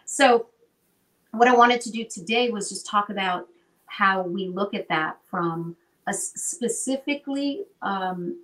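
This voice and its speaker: A woman teaching in an animated, conversational way, often checking in with "right?". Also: medium pitch, a little slow, recorded from a distance, rough recording. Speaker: guest teacher.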